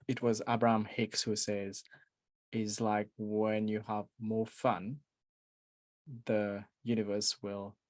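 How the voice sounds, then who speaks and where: A man's voice: fairly low pitch, no room sound. A man co-hosting a casual podcast, chatting in a playful, loose way as he introduces the show. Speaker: podcast co-host, life coach.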